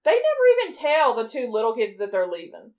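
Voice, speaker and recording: A woman's voice: fairly high pitch, huge pitch swings, brisk, a little mellow. A woman in her thirties co-hosting a movie podcast, chatting casually in a blunt, swearing, incredulous way. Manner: blunt, profane, incredulous questioning. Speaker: podcast co-host. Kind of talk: casual movie discussion chat.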